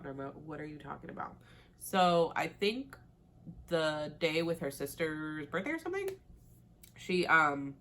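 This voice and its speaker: A woman's voice: deep voice, fairly bright tone. A young woman chatting casually as she recaps a TV show, laughing at herself and acting out the characters' lines. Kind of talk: casual recap with acted-out quotes.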